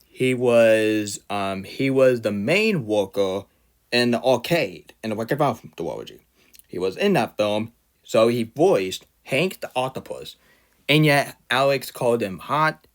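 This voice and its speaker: A man's voice: mid-range voice, expressive, a little slow. A young man delivering an unscripted, heated fan rant, insulting his target and often stumbling and restarting mid-sentence. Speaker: fan ranter. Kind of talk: unscripted ranting commentary.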